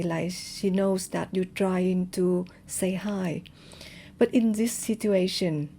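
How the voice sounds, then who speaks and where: A woman's voice: fairly low pitch, mellow. A woman from Vietnam with a Vietnamese accent, teaching a language lesson in a careful way and sounding out example words. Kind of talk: slow explanatory lesson.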